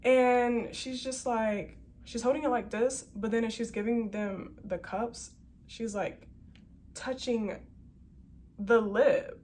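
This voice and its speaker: A woman flight attendant telling a story in a casual vlog, animated and chatty with plenty of slang. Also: a little high, slow.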